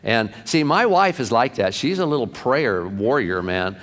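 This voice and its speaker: A male pastor preaching a sermon through lively anecdotes, acting out the people in his stories. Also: medium pitch, unhurried, in a large hall. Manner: animated anecdotes, acted-out quotes. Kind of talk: sermon storytelling.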